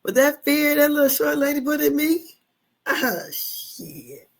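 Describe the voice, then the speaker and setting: Animated middle-aged woman telling stories. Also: high-pitched, unhurried, vocal fry. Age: 50s. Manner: animated, laughs often, salty slang. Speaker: online commentator. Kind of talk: casual storytelling monologue.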